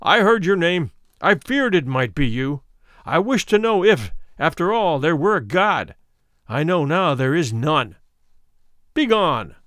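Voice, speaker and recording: A ruined old drunkard, loud and scornful, his voice leaping high and low as he lashes out, as a male reader puts him on. The storybook voice sits a touch high, with a dry, close sound. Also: big pitch swings, unhurried, dry recording. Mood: bitter. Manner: loud, vehement outbursts.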